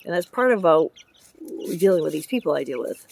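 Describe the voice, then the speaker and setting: A low-pitched woman with vocal fry and a darkish tone talks fairly quickly and with lots of animation. In her rambling vlog, this public works truck driver chats about her chickens and her dump-truck job, hopping from topic to topic and laughing often.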